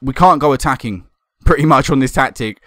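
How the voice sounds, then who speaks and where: Excitable young gaming commentator. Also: male voice, medium pitch, brisk, no echo, clean studio sound. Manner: excitable, swearing and laughing at goals. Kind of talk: casual game commentary.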